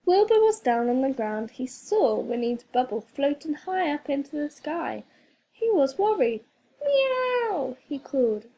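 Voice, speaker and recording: A woman reading a children's storybook aloud as a teacher, expressive and playful with sound effects. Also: high voice, normal speed, few pauses.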